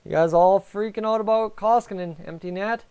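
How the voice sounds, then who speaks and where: Nervous high-voiced fan streamer. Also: male voice, moderate pace, smooth. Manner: nervous, excitable, talks to chat. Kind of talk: live game reaction commentary.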